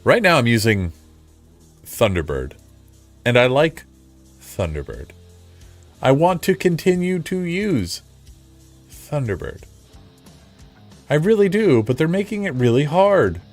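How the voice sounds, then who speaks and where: A man's voice: a little high, big pitch swings, slow, pauses often, soft background music. A man streaming casually, rambling and frustrated, mocking himself as he chats with viewers. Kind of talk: casual live-stream chat.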